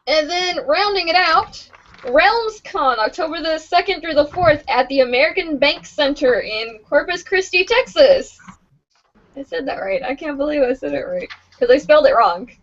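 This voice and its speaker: Chatty high-voiced woman podcast host. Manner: chatty, stumbling over place names, laughing and swearing. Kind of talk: casual podcast chat reading convention listings. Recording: dull lo-fi podcast audio.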